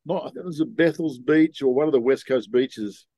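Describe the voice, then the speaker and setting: An older man being interviewed, telling long rambling stories in a relaxed, casual way. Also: medium pitch, normal speed, dry recording. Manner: laid-back rambling storyteller. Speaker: guest.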